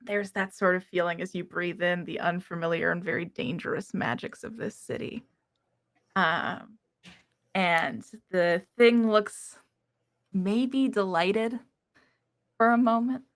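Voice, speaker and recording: A woman's voice: fairly low pitch, slow pace. A woman narrating a tabletop game as game master in a rambling way, full of fillers.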